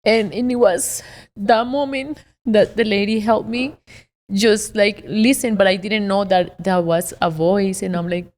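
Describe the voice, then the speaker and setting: A woman's voice: mid-range voice, steady tone, measured pace, darkish tone, in a large hall. Tearful woman sharing a heartfelt story. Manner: emotional, heartfelt storytelling, on the edge of tears. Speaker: podcast co-host. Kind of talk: casual podcast conversation.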